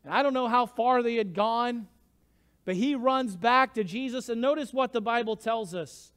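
A man preaching a sermon as pastor, telling the story with swings from hushed to shouting. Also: extremely high pitch, moderate pace, clear, resonant tone. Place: church sanctuary. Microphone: livestream church mic.

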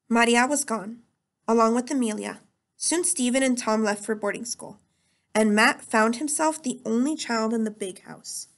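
A woman teacher reads a novel chapter aloud at a steady storytelling pace. Her voice sits somewhat high with a noticeable gravelly fry. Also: normal speed.

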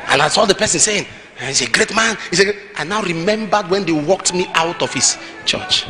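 A man with a Nigerian accent preaching a sermon, telling stories animatedly with bursts of shouting. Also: high-pitched, fairly quick, a little hiss or hum. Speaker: apostle, preacher.

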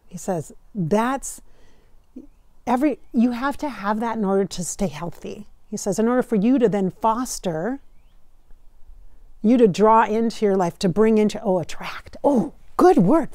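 A woman from Minnesota talking casually as a channeler, relaying messages in quotes, chatty, and slowing down for emphasis. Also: mid-range voice, expressive, dark tone, no room sound. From Minnesota, United States. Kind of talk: casual spiritual channeling talk.

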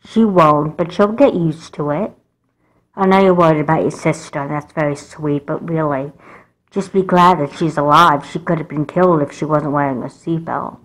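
Woman voicing a firm, calm mother. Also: low-pitched, normal speed, natural voice, low-quality recording. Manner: calm, scolding, patient. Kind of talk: doll movie voice acting.

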